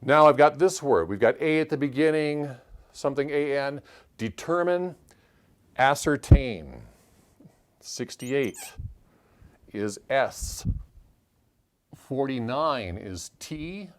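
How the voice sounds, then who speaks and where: A man hosting a puzzle channel, thinking aloud as he calls out letters and clue numbers in a measured solve-along walkthrough. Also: mid-range voice, animated. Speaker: puzzle-solving channel host.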